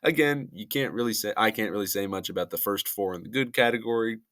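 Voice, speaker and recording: Young man, YouTuber, casual chat, rambling, somewhat low voice, laughs at himself. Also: fast talker, a bit bright. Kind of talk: casual ranking commentary.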